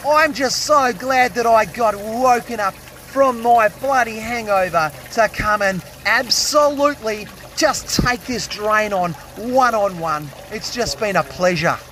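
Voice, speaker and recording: An Australian man vlogging a plumbing job, excitable and jokey, full of slang and hungover. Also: high-pitched, a little slow, hardly any pauses, slight background noise. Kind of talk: casual on-the-job vlog commentary.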